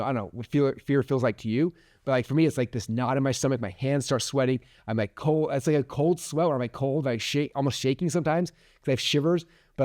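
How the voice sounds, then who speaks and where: Fast-talking mellow-voiced man. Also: medium pitch. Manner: energetic, chatty, frequent "like" fillers. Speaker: podcast host. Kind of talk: motivational talk to camera.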